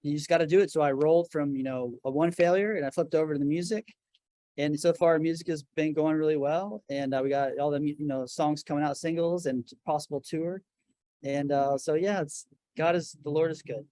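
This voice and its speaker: A man's voice: fairly high pitch, fairly even intonation, a little fast, warm tone, dry recording. A middle-aged man talking casually about his record label and faith in an interview from his office, earnest and full of restarts. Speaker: guest, record label founder.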